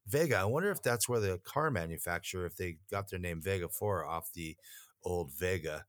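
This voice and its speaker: A man's voice: low-pitched, lively intonation, a little fast, no echo. A middle-aged man hosting a music podcast, chatting in a wry, joking way. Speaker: podcast host. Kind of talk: casual chat.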